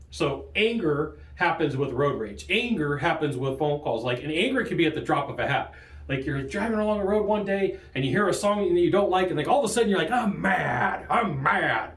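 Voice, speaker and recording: A man hosting a sales training show, coaching in an energetic, joking way and laughing often. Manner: lively, jokey, laughs often, big pitch jumps. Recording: roomy echo.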